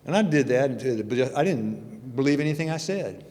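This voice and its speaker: Speaking at a normal speed with few pauses, a man in his sixties, a church elder and guest speaker, gives a folksy, joking sermon that includes his testimony, all in a conversational tone. His voice is medium-pitched and darkish, echoing with the long reverb of the church hall.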